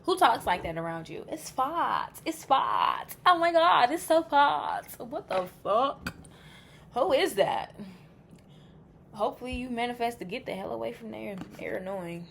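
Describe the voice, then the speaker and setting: A woman's voice: on the high side, expressive, normal speed, gravelly, a little hiss or hum. A woman giving a casual pick-a-card tarot reading. She is chatty and blunt, swears freely, and thinks aloud as she reacts to the cards.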